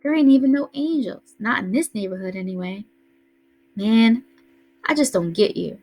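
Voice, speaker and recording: A woman's voice: on the high side, lively intonation, normal speed, darkish tone, rough recording. A woman reading aloud voices a tough, bossy teenage older brother who scolds in a streetwise way. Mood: lecturing.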